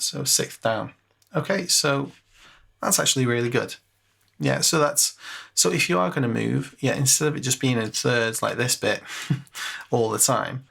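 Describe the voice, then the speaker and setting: Male music tutor, mid pitch with some fry, talks casually and thinks aloud at a desk mic. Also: bright, forceful tone. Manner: chatty, self-mocking, thinks aloud with fillers. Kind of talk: casual screen-share tutorial.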